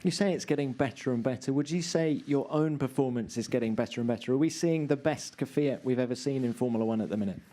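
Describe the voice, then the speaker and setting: A man moderating a press conference, putting measured, polished questions to drivers. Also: mid-range voice, warm tone. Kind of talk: formal questioning.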